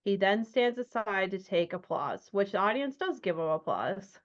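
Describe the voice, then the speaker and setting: A woman's voice: medium pitch, lively intonation, normal speed. A woman narrating a tabletop horror game as game master, loose and chatty, with many ums and likes. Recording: dull lo-fi sound.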